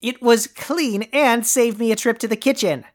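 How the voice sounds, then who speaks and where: For a comedy audio play, a woman voices a pompous, greedy male overlord who has been deposed. Her fairly high voice moves at normal speed with light acting, and she sounds smug, grandiose, haughty and theatrically dry.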